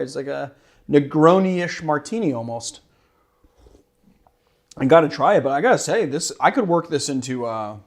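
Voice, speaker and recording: A man hosting a cocktail show, chatting casually about a drink he is tasting, rambling and self-deprecating and laughing easily. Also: medium pitch.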